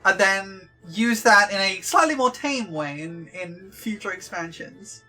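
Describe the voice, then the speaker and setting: A young woman chats her way through a game stream. Her voice is bright and clear, rambling along with plenty of fillers and playful repeated jokes. Faint game music plays underneath. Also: medium pitch, animated, measured pace. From Yorkshire, England. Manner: chatty and rambling, with lots of likes and ums. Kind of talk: casual livestream chat.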